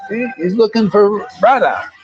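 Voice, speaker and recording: A man's voice: high voice, expressive, moderate pace, dull audio, soft background music. A man giving an informal devotional talk as a spiritual teacher, blunt, preachy and full of slang.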